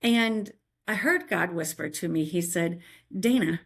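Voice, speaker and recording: A middle-aged woman telling a faith-filled personal story as a guest, animated and chatty, often checking in with "right?". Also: on the low side, measured pace.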